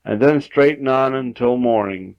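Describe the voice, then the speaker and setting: A man's voice: medium pitch, normal speed, natural voice. Boastful crowing boy, scornful, man putting on the voice, muffled 1960s home recording. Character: boastful boy who never grows up, cocky. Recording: dull 1960s home audiotape.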